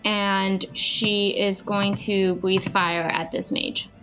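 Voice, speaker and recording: A woman playing in a tabletop game, explaining her plans deliberately and with excitement. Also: mid-range voice, muffled recording, faint music behind. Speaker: player. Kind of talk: casual game chat.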